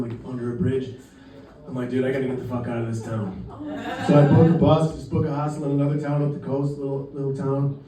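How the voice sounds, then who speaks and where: Young male comic, dark-toned, casual and profane; distant mic in a boomy room with faint crowd ambience. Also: a little hiss or hum. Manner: profane, laid-back storytelling with acted-out quotes. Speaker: stand-up comedian. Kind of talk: stand-up storytelling. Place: comedy club stage. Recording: roomy club sound from a distance.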